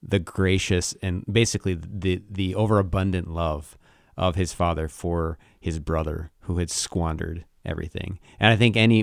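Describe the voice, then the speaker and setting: A man with a very low, gravelly voice talks through scripture on a podcast. He is thoughtful and halting and often restarts his sentences. The sound is dry and close to the mic. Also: no room sound. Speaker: podcast co-host. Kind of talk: casual Bible discussion.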